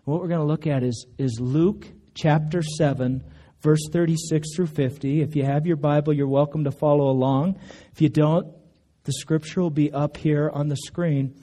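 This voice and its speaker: Man, pastor, conversational sermon, mellow tone, slightly high voice, church. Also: steady tone, normal speed. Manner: conversational storytelling, acts out quotes with raised pitch. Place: church sanctuary.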